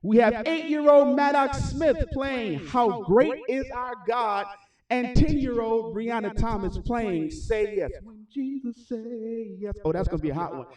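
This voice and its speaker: A man hosting a livestreamed recital as the music school's founder, with energetic, repetitive hype-man talk. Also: very high-pitched, measured pace, far from the mic. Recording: echoey room, voice off-mic.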